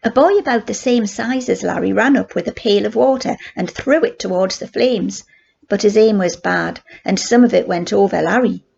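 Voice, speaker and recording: An older woman, a grandmother, reading a children's book aloud in steady, plain narration. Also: mid-range voice, normal speed, vocal fry, slightly rough, highs cut off. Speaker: grandmother storyteller.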